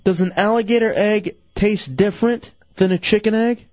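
A man hosting a casual late-night radio show, animated and full of incredulous questions, his voice going hoarse. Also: high voice, moderate pace, no echo, lo-fi sound.

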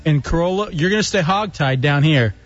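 A male radio host with a slightly high, lively voice teases a co-worker in a playful, mock-stern way. The sound is muffled like a radio broadcast, with faint music in the background. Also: a little fast. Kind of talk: morning radio banter.

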